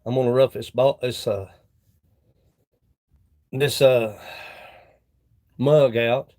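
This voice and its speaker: A man's voice: medium pitch, fairly even intonation, takes it slowly, darkish tone. A man talking casually on a live stream from his woodshop, rambling and chatting with viewers between tasks. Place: woodworking shop.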